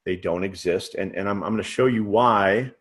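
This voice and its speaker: A man's voice: on the low side, normal speed. A man giving a sales training lecture in a conversational way. He often checks in with the listener and uses everyday examples. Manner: conversational, checks in with frequent "right?". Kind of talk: teaching lecture.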